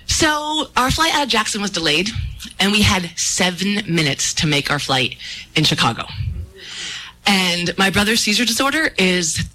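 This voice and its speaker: A woman telling a lively personal story to a live audience, acting out her own panicked voice. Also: lowish voice, rough recording.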